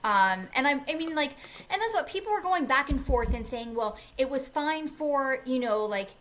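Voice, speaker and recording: A woman's voice: sits high, lively intonation, moderate pace, fairly bright tone. A woman in her thirties co-hosting a podcast, telling a story in a casual chat, acting out the people in it and swearing freely. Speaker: podcast co-host.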